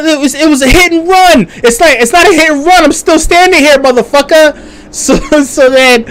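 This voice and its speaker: A man's voice: very high voice, moderate pace, a bit bright. A young adult man telling a story on a live stream, swearing freely, stammering through restarts and laughing as he talks.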